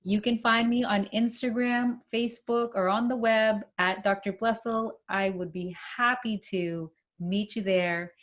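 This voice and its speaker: A woman presenting a workshop, demonstrating a vocal warm-up with hums and chants and encouraging her listeners. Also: mid-range voice, steady tone, a little slow, hardly any pauses. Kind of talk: instructional workshop talk. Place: home, speaking to camera.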